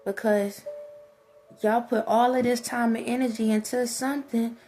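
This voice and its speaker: A woman's voice: a little high, moderate pace, soft background music. A woman with a Chicago accent ranting to her viewers in a casual vlog, firing off rhetorical questions and getting more and more worked up. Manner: animated, rhetorical questions, talks straight to viewers. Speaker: vlogger. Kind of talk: casual opinion rant.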